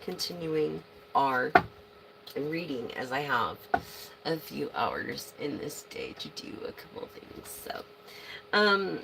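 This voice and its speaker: Woman doing tarot readings, lowish gravelly voice, super chatty, swears, gets loud and excited. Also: a little hiss or hum, poor audio. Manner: chatty, excitable, bursts into shouting; swears casually. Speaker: tarot reader. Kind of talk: casual tarot reading to viewers.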